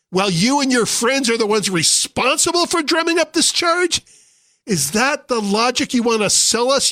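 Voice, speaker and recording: A man's voice: high voice, sharp tone, dry recording. A man hosting a radio talk show, delivering a sarcastic, indignant political commentary monologue into a studio microphone.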